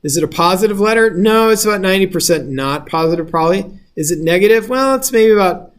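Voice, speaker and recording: A man's voice: sits high, lively intonation, fast talker. A male instructor giving a casual lecture, explaining step by step and often checking if the class follows.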